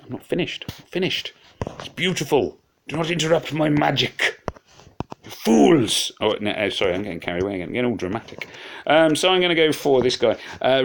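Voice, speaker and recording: A man's voice: on the low side, a little hiss or hum. A man giving casual, rambling commentary on a mobile puzzle game as he plays, full of fillers and self-deprecating asides.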